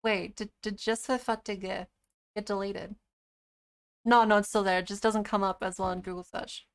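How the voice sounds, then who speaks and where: A woman's voice: mid-range voice, little pitch movement, moderate pace. Blunt, swearing woman streamer. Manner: blunt, swears freely, laughs often. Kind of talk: casual live-stream chat.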